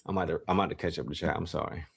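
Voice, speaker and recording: A young man streaming live, telling a story to his chat in an animated, slangy, profane way and reading the chat aloud. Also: rumbling low, racing, creaky, breathy edge.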